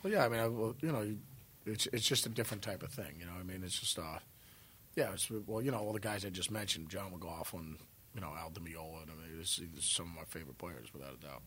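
This New Jersey man, a guest musician, talks fast in a deep, fairly bright voice, with a little hiss or hum in the recording. The interview is casual: he wanders from story to story, curses freely, and laughs a lot.

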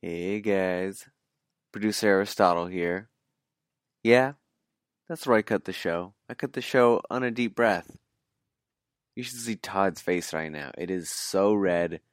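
A man with a very low, smooth, resonant voice, signing off a podcast as its producer. He talks to listeners casually and teases with a wry edge. The recording is close and dry. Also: unhurried, pauses often, no echo. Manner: wry, teasing.

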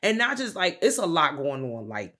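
A podcast co-host, a woman with a low-pitched voice and moderate pace, walks through a film's plot in casual talk. She tells it animatedly, acting out what the characters say.

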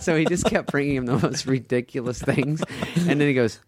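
A man telling stories in casual chat as a podcast guest, acting out other people's lines with lively changes of voice. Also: medium pitch, quick pace, hardly any pauses. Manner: animated storyteller, acts out other people's lines. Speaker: podcast guest, former sketch comedy cast member.

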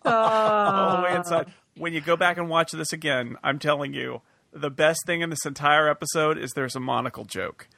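A man's voice: a little high, moderate pace, creaky, pushed and bright, dry recording. A man hosting a podcast, chatting casually over a voice call and trailing off with fillers. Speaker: podcast host. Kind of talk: casual chat. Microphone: computer mic on a voice call.

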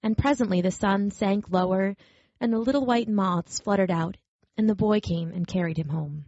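Woman gently reading a storybook. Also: mid-range voice, moderate pace, no room sound. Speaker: narrator. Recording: dry, slightly dull recording.

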